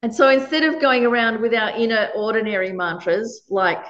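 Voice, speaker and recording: A woman's voice: mid-range voice, normal speed, a bit bright, roomy sound, lo-fi sound. A woman giving a conversational dharma talk as a meditation teacher. She laughs often while she teaches.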